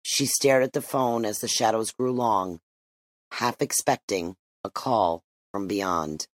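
A narrator reading a literary story aloud in an expressive, measured way. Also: mid-range voice, no room sound. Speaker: audiobook narrator.

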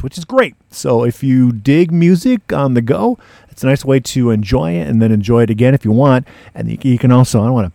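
A man spinning records and chatting between songs with easygoing hipster patter. His voice sits in a middling pitch with a mellow, relaxed timbre. The sound is close and dry, like a studio mic. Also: gravelly, dry recording. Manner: laid-back hipster slang, says "man" often. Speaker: radio DJ and podcast host. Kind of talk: casual music-show patter.

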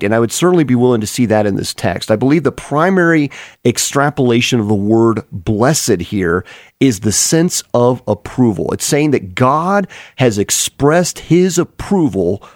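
A man's voice: mid-range voice, lively intonation, moderate pace, a little mellow, no echo, clean studio sound. A man preaching an earnest, explanatory Bible teaching sermon, with frequent restarts as he works through the text.

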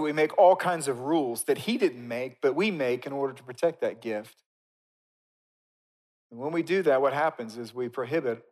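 A male pastor delivering a sermon in a mid-range voice. He talks plainly and conversationally, then leans hard on key words with sudden loud bursts before dropping to quiet, drawn-out emphasis. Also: mid-range voice.

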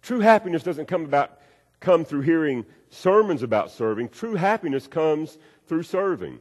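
A man's voice: a little high, animated, moderate pace, a little mellow. A man preaching a sermon, folksy and storytelling, repeating his key phrases. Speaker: pastor. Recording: long reverb of a large hall.

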